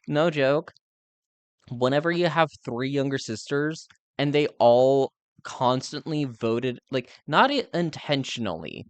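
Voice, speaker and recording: A man's voice: mid-range voice, clean tone, no room sound. A young man chatting casually as a live streamer, speaking candidly and rambling with lots of filler words. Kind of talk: casual chat.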